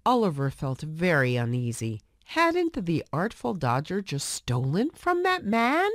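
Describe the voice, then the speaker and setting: A woman reading a storybook aloud in a slow, expressive way for English learners. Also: fairly low pitch, no echo, clean studio sound.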